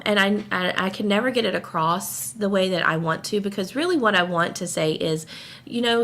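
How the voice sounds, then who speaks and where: Woman podcast co-host, fry in the voice, emotional venting. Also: medium pitch, a bit bright. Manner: emotional, venting, close to tears. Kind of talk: casual podcast chat.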